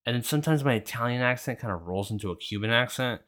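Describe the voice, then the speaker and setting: A man's voice: medium pitch, fast talker, fairly bright tone. A young man hosting a podcast, chatting casually and rambling with lots of swearing and fillers. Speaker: podcast host. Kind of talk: casual solo chat.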